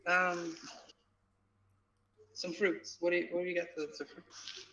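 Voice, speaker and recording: A man's voice: high voice, monotone, measured pace, bright, forceful tone, exaggerated voice. A man playing a shy, polite young woman adventurer who stammers and hesitates. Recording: distant muffled mic.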